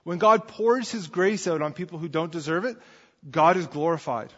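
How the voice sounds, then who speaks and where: A man's voice: on the high side, moderate pace, fairly bright tone, slightly rough. A man preaching a sermon in a conversational way, often checking in with his listeners. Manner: conversational, asks the congregation "right?" often. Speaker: pastor. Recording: dull sound with long hall reverb.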